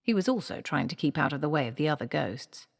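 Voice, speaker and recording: A woman reads a novel aloud in a measured, expressive way. Her voice sits lowish for a woman. A long hall reverb trails each sentence. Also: creaky. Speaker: audiobook narrator. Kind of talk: storybook narration.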